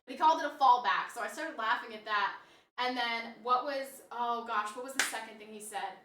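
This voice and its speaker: A woman's voice: on the high side, fairly quick, noisy background. A woman streamer chatting casually on a live stream, rambling and answering her chat as she goes. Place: home, room with snake enclosure. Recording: roomy, distant mic.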